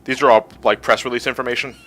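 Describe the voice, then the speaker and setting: Bright-voiced man playing on a charity stream. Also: mid-range voice, steady tone, fast talker, faint music behind. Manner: laughs often, swears casually. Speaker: livestream co-host playing the game. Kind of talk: casual gaming livestream chat.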